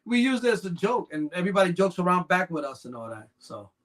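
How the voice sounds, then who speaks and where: Very animated and quick, this man talks in a high, fairly bright voice as a podcast guest. He's a snake breeder who rambles through long stories in casual chat, leaning on "you know" again and again.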